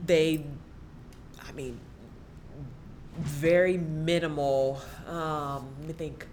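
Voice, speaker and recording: A woman's voice: low voice, fairly even intonation, very slow, darkish tone, a little hiss or hum. A woman, a special education teacher speaking as a podcast guest, talking animatedly and laughing often. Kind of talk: conversational podcast interview.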